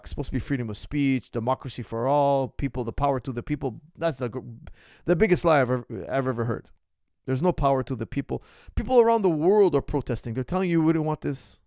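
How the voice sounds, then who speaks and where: Male podcast host, passionate rant, gravelly tone, dry close sound. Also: fairly high pitch, a little mellow, dry recording. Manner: heated, indignant, emphatic. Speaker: MMA coach and podcast host.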